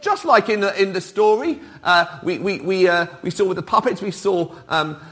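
A middle-aged man preaching an all-age sermon, lively and interactive, drawing the congregation in. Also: high voice, normal speed. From Wales. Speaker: pastor.

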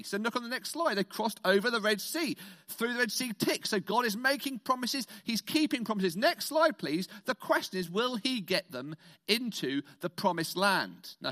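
A man from Britain preaching an all-age sermon, animated and playful, leading the congregation in call-and-response. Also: high voice.

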